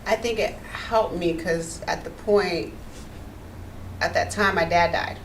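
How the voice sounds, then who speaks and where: A woman guest telling her life story in a casual chat, animated and quick to act out quotes. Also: lowish voice. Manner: animated storyteller, laughs often, acts out quotes. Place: radio studio. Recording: distant mic with faint background noise.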